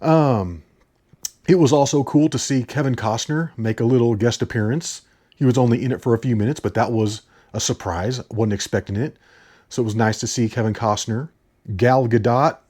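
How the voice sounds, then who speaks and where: A man's voice: medium pitch, darkish tone. A man giving a casual, blunt and opinionated movie review, rambling as he goes.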